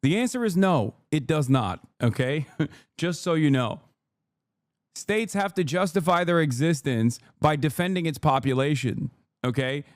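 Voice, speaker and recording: A man streaming live, talking back at a clip in a heated, sarcastic way with plenty of swearing. His voice sits a little high and sounds close and dry, with no room around it. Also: lively intonation, a little slow, no room sound. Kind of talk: casual live-stream commentary.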